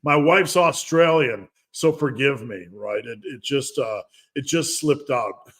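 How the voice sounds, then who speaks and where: A man's voice: mid-range voice, unhurried, a bit bright. A middle-aged man hosting a casual fitness livestream Q&A, chatty and rambling, with asides and laughs. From United States. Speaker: fitness coach and livestream host.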